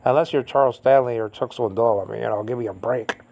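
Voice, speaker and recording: A man in his fifties, from Puerto Rico, teaches scripture in a loose, conversational way. His voice has a gravelly fry at mid pitch. He rambles with many fillers and leaps sharply upward in pitch when he drives a point home. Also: fast, mellow. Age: 50s. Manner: rambling, full of "I mean, you know"; rises to a high, emphatic pitch when stressing a point. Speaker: Bible teacher. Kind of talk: informal Bible teaching.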